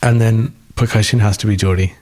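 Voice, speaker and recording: A man's voice: fairly low pitch, fairly even intonation, fairly quick, darkish tone. A man in a conversational interview, speaking thoughtfully with hesitant restarts, his voice still recovering after an illness. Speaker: guest musician.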